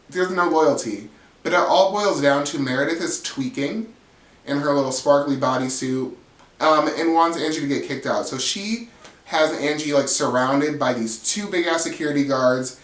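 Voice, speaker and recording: A man recapping a reality TV episode in casual gossipy chat, swearing freely and jumping into high voices as he quotes the cast. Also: reverberant. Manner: animated storytelling, jumps into high voices quoting the cast, laughs often.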